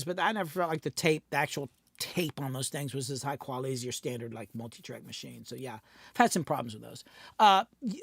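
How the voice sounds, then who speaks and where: A man's voice: on the high side, no room sound, clean studio sound. A middle-aged man hosting a casual livestream chat, talking bluntly and profanely about his work as a recording engineer and producer.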